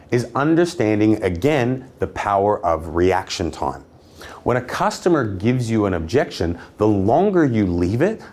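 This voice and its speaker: A man's voice: on the low side, a little mellow. A young man teaching sales techniques, confident and cheeky, stressing a firm downward inflection. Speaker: sales trainer. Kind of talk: instructional talk to camera.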